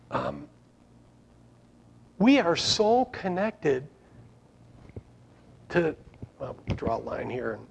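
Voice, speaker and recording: A man's voice: high-pitched, breathy edge. A man preaching an informal sermon to his congregation, rambling and conversational with frequent restarts. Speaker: pastor.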